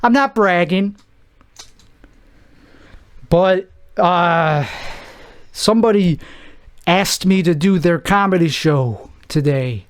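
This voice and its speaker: Young guy, high voice, out of breath, rambling solo podcast, keeps restarting and making fun of himself. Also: smooth. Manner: rambling, self-deprecating, halting restarts. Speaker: podcast host. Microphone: camera mic.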